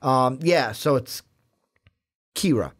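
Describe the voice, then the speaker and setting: A young man co-hosting a casual movie chat, rambling and animated. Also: medium pitch, a little slow. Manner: rambling, animated, swears now and then. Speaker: podcast co-host.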